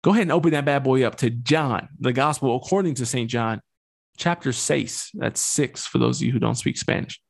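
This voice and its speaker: A young man hosting a relaxed podcast, talking through scripture with slang, jokes and plenty of "um" and "like." His voice sits at an ordinary middle pitch for a man. He keeps the tone loose and conversational. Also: fairly quick, vocal fry, hardly any pauses. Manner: slangy, joking, loose with fillers. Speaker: podcast host. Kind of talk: casual scripture talk.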